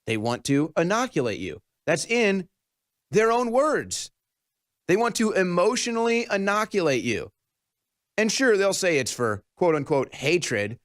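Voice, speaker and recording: A man's voice: high voice, very animated, measured pace, fairly bright tone. A man hosting a show, ranting indignantly and sarcastically about a video clip he has just played, his voice climbing as he gets worked up. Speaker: host.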